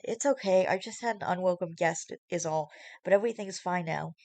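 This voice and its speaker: Lady reading as a hot-headed young guy, snappy, low-ish voice, dry sound. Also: fairly quick, darkish tone, no room sound, lightly acted. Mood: urgent. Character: angry protective young man.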